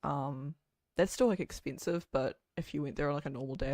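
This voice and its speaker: A woman's voice: low-pitched, brisk, a little mellow, no room sound, clean studio sound. A woman, chatting casually on a livestream in a rambling way, full of filler words. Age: late 20s. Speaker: VTuber streamer. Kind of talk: casual chat stream.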